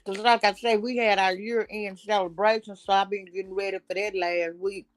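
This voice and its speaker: A woman's voice: medium pitch, fairly even intonation, normal speed, no room sound. Blunt, gossipy woman host. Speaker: show host. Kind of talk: casual gossip chat.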